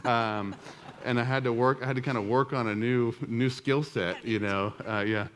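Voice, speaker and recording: A man's voice: medium pitch, fairly even intonation, normal speed, fairly bright tone, a little hiss or hum. Casual self-mocking man telling a story. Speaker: church speaker. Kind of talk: storytelling talk to a group.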